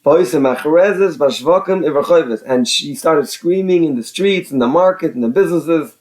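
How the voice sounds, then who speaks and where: A man's voice: on the high side, moderate pace, darkish tone. A man teaching a religious text, reading out Hebrew phrases and translating each into casual English, often repeating words and restarting. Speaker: Torah teacher.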